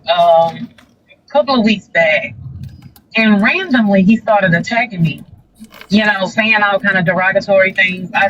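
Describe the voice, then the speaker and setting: On a livestream, a woman with a mid-range voice recounts a dispute as a guest, chatting casually and animatedly while acting out the quotes. The sound is lo-fi with slight background noise.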